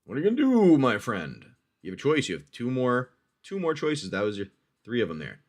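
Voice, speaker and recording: This host's voice sits fairly low and has a sing-song lilt at a moderate pace. He runs a dice-based adventure game on a livestream for a player he calls "my friend," chatting through the rolls and loudly reacting to hits.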